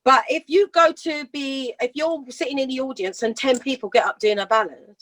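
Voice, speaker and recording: A British woman in her fifties, a singer telling rambling, lively stories in a casual interview and laughing often. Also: sits high, moderate pace, dry recording. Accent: British English. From Britain. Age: 50s. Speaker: singer guest. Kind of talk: casual storytelling chat.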